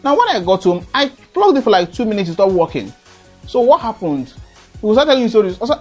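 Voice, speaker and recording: A man's voice: high-pitched, very animated, a little fast, faint music behind. Earnest Nigerian man giving life advice. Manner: earnest, lecturing, acts out quoted dialogue. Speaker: motivational speaker. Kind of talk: advice monologue.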